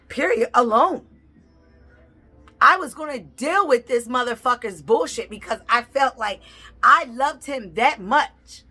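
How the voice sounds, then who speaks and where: A woman telling a personal story in a blunt, heavily profane way, animated and acting out the people in it. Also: fairly high pitch. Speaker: tarot reader and vlogger.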